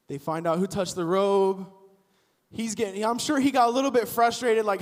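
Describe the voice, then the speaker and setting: A young man giving a casual, animated youth sermon as a youth pastor, acting out the people in the story as he goes. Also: sits high, normal speed. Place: church auditorium. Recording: long hall reverb.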